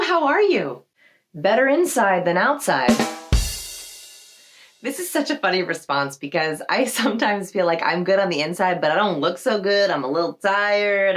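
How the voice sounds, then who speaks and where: Woman, tutorial host, playful, acts out replies, very lively pitch, mid-range voice. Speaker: social skills video host. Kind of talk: upbeat tutorial talk to camera.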